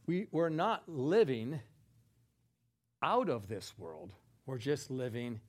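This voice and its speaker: A man preaching a sermon, chatting with the congregation in asides and building to emphatic, forceful passages. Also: mid-range voice, animated, slow.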